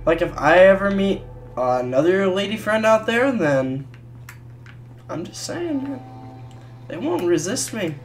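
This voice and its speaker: A let's-play gamer talks over the game at an unhurried, drawn-out pace in a mid-pitched voice. The chatter is crude and joking, full of swearing and sudden loud laughter. Faint game music plays underneath. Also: sing-song. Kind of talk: casual gameplay commentary.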